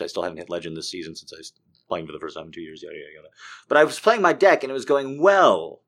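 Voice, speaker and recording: A man's voice: mid-range voice, a bit bright. A man delivering a rambling, profane comedic monologue as a podcast host.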